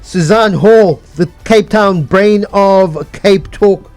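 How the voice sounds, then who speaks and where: A man co-hosting a live radio quiz, explaining the rules and scores deliberately. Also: high-pitched, a little mellow, no echo, soft background music. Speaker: co-host and scorekeeper. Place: radio studio.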